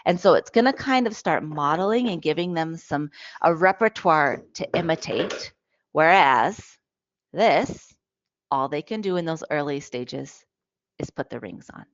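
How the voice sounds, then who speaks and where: A woman presenting on children's play in a lively, demonstrative way, often checking in with her listeners. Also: low voice, unhurried, dry recording. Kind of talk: webinar talk with toy demonstrations. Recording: dull, lo-fi, dry audio.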